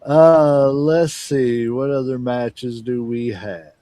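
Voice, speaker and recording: This wrestling podcast host has a mid-range, dark voice, speaks slowly with fairly even intonation, and sounds dry with no echo. He rambles easily through a casual chat, laughing along with his co-hosts.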